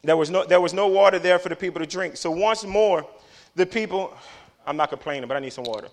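A man preaching a sermon, swinging from hushed remarks to shouting and tossing in joking asides. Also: high voice, fast.

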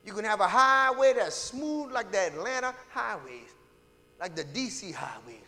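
A man delivers a sermon in a high, bright voice that swoops up and down. He presses his points emphatically, checking in with the congregation again and again. His words ring out with a long reverb from the sanctuary. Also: expressive, moderate pace. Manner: emphatic, checks in with "All right?"; calls out to the congregation. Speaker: pastor. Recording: reverberant hall.

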